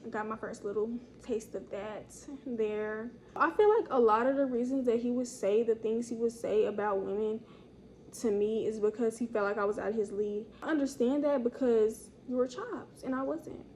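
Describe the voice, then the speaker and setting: A young woman storytime vlogger with a fairly high voice tells a story from her own life at normal speed, in a loose, animated, slangy way. She jumps up to a higher pitch whenever she acts out what people said, and a faint hiss sits beneath her voice.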